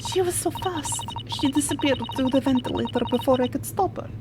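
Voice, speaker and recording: A woman's voice: sits high, brisk, background noise, pitched above the performer's own voice, natural voice. A woman voicing a frightened young Russian woman in a put-on Russian accent, stammering and pleading. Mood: confessing. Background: game music.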